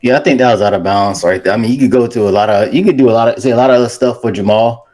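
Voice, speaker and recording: A man's voice: medium pitch, rapid-fire, darkish tone. A man co-hosting a sports talk show, giving his view in a laid-back way with plenty of fillers.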